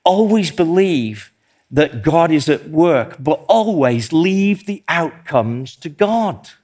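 A man's voice: on the high side, lively intonation, slow pace, darkish tone. A man preaching a sermon, telling a personal story in an earnest, self-deprecating way. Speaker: pastor.

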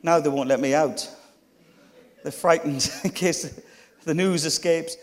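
A man's voice: fairly high pitch, steady tone, unhurried. A middle-aged man preaching a storytelling sermon, with chatty, humorous asides to the congregation. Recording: long hall reverb.

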